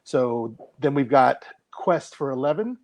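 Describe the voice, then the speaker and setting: A man's voice: mid-range voice, a little slow. Laughing middle-aged man co-hosting a podcast. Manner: laughs often, lively. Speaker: podcast co-host. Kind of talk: casual podcast chat.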